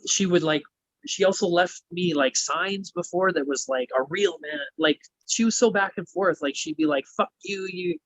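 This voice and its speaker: A man's voice: high voice, moderate pace, fairly bright tone, poor audio. Swearing man telling a story. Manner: swears constantly, rambling. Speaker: wrestler guest. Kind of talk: casual storytelling.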